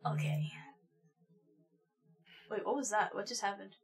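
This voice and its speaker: A woman's voice: mid-range voice, expressive, measured pace, breathy edge. A woman hosting a casual live stream while gaming, playful and giggly as she greets her chat. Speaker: streamer host.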